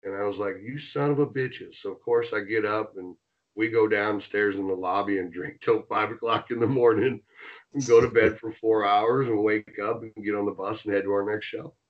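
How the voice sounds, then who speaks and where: A man telling a rowdy road story in a casual interview, animated and swearing as he acts out the quotes. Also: fairly low pitch, normal speed, narrow, tinny audio. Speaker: interview guest, former wrestler.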